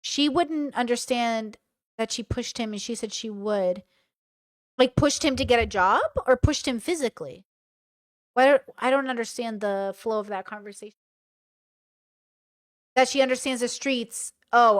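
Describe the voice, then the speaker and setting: Woman commentator, high-set voice, smooth and clear, sarcastic and incredulous as she reads texts aloud. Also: normal speed, pauses often. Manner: sarcastic, incredulous, swears freely. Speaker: commentary host.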